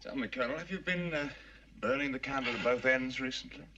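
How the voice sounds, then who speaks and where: A calm doctor, bright tone. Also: male voice, medium pitch, fast talker. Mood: concerned. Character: calm male doctor tending a colonel. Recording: dull old TV soundtrack with hiss.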